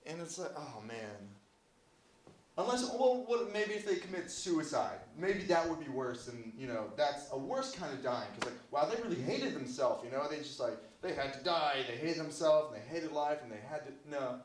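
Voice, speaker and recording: A man's voice: a little high, expressive, moderate pace. A man doing a stand-up comedy set, rambling and self-deprecating, swearing often, heard with audience laughter. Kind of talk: open-mic stand-up set. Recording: echoey room from far off, faint noise.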